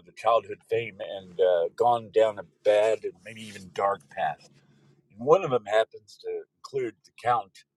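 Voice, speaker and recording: A man hosting a loose, joking chat show, rambling and now and then bursting into loud put-on voices. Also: on the low side, rough recording. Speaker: podcast host. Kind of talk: rambling casual chat with listeners.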